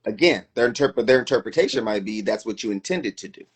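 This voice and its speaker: A middle-aged co-host talks fast in a lowish, husky voice with lively intonation during a casual live-stream chat. He's reflective and earnest, often questioning himself.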